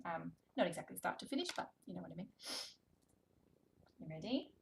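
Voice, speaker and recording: A young adult woman, a speech therapist, gently and encouragingly explaining tips while reading a book with a toddler. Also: on the low side, very animated, rapid-fire, gravelly, a little hiss or hum.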